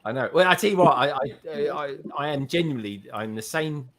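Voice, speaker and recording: A man from London, a guest on a live stream, chatting cheekily and excitably. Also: a little high, fairly quick. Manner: cheeky, excitable, swinging between loud and quiet. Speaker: panel guest. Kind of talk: casual chat.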